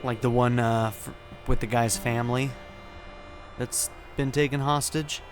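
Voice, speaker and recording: A man with a mid-pitched, everyday voice commentating a video game playthrough. He talks in a relaxed, chatty way, thinks aloud with plenty of fillers, and drops in quick laughs along the way. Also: soft background music. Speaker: let's play gamer.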